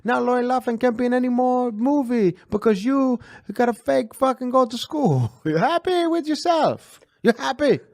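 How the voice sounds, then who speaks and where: A man's voice: lively intonation, moderate pace, hardly any pauses, darkish tone, no room sound. A man putting on a pushy middle-aged Italian father with a put-on Italian accent, speaking in an exaggerated, mocking way. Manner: high-pitched, exaggerated, mocking.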